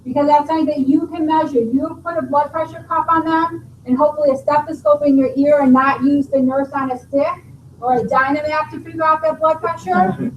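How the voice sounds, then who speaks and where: High-voiced woman lecturing nurses. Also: fairly even intonation, fairly quick, far from the mic, highs cut off. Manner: explanatory, quizzing students. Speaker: nursing instructor. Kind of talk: classroom lecture. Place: classroom. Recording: roomy classroom recording from afar, faint noise.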